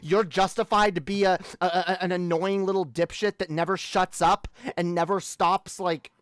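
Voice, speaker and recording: A woman's voice: fairly low pitch, steady tone, normal speed, clear, resonant tone, dry recording. A woman hosting a live stream, ranting angrily with heavy swearing. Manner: angry, profane ranting. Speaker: streamer host.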